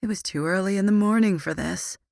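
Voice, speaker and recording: A woman's voice: medium pitch, brisk, vocal fry, darkish tone, no echo. A woman reading a first-person audiobook with a dry, sardonic, grumbling manner. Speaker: audiobook narrator.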